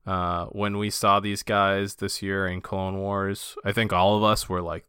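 A man's voice: sits low, flat delivery, measured pace, hardly any pauses, sharp tone, clean tone, no room sound, studio quality. A man co-hosting a casual fan podcast, enthusiastic and loose, with lots of fillers and restarts. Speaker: podcast co-host.

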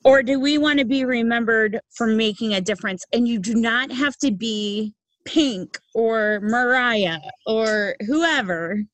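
A woman's voice: on the high side, measured pace, no echo, low-quality recording. A middle-aged woman hosting a podcast, talking earnestly and emphatically in a casual conversation, laughing easily. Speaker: podcast host.

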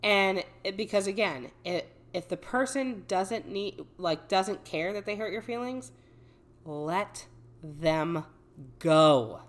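This podcast co-host speaks slowly at a medium pitch through a studio microphone. In casual chat she spins animated stories, breaking into frequent laughter and casual swearing.

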